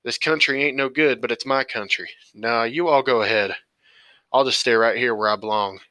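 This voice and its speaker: A man's voice: medium pitch, normal speed, pushed and bright, no room sound, lightly acted. A man voicing a stubborn old farmer grandfather who talks in a defiant, cussing rural drawl.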